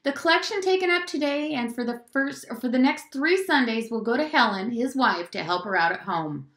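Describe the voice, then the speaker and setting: A woman's voice: high-pitched, lively intonation, fairly quick, fairly bright tone, voice pushed up. A woman voicing a stern small-town male preacher who reads formal announcements to his congregation. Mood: solemn. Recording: roomy echo.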